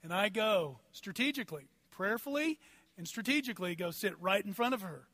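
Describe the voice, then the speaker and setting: Man, pastor, sermon, high voice, animated storytelling, rhetorical questions. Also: fairly quick, no echo. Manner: conversational, personal anecdotes.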